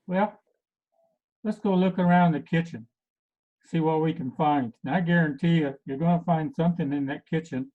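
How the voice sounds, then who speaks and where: A man acting as a health coach, giving a casual talk to a group and pausing often with many fillers. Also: a little high. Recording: tinny phone-like recording.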